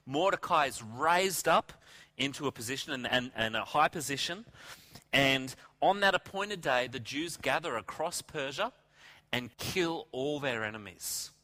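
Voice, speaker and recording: A middle-aged man preaching, retelling a Bible story in a lively way and acting out the characters' lines. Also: mid-range voice, a little slow. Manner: animated, acts out characters' lines. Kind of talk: animated Bible storytelling sermon.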